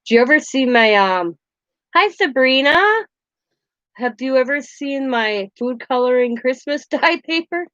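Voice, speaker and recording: A woman's voice: sits high, normal speed, few pauses, no room sound, lo-fi sound. A woman hosting a casual craft livestream, rambling through stories and laughing often. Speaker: craft channel host.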